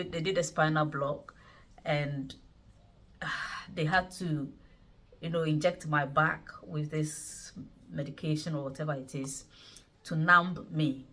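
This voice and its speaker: A woman's voice: sits low, fairly bright tone. A woman in her thirties, chatting and laughing as she retells her birth story to her viewers. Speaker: vlogger recounting her birth. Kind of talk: casual storytelling to camera.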